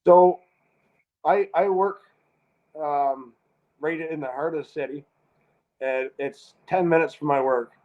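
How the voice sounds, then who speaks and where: A laid-back Canadian man talks over a video call, his voice a touch higher than most men's. He swears easily and trips over his restarts. The call audio is muffled and lo-fi. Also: takes it slowly, pauses often. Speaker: guest artist. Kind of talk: casual video call interview.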